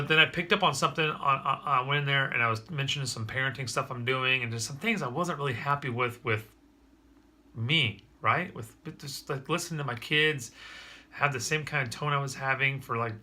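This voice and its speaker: A man speaks in a casual personal vlog with a very bright, forceful tone and a mid-range pitch. He tells his story with earnest energy and often trips over himself and restarts sentences. He sounds like a dad sharing his progress straight into the camera. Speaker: father vlogging about parenting.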